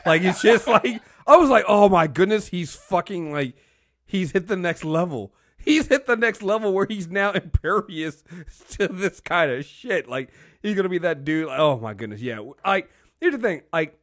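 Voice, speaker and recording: A man chatting on a podcast with a lively, slightly high voice that swings through a wide range. He laughs a lot and bursts into loud acted-out lines. The sound is dry and close. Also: moderate pace, no echo. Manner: laughing, animated, acts out characters with loud outbursts. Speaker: podcast co-host. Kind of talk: casual chat.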